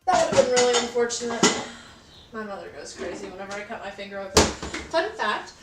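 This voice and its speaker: A young woman tells a story in a casual, nonchalant way and swears freely as she loads a dishwasher. She sounds far from the mic in an echoey kitchen. Pots and plates clatter clearly throughout. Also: medium pitch, fast, heavy background noise. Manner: blunt, swears a lot, nonchalant. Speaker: livestreamer. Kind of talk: casual storytelling while doing dishes. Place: home kitchen. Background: dishes and pots clattering.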